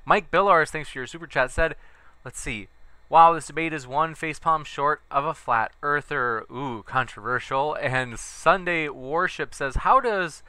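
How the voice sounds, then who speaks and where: Livestream host, man, bright voice, upbeat and chatty, dry sound. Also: fairly high pitch, unhurried, smooth, dry recording. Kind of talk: livestream host reading chat.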